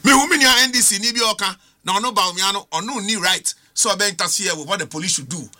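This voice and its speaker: A man's voice: sits high, quick pace, pushed and bright. A middle-aged Ghanaian man arguing as a panelist on a political talk show, emphatic and full of rhetorical questions. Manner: emphatic, argumentative, rhetorical questions, mixes languages.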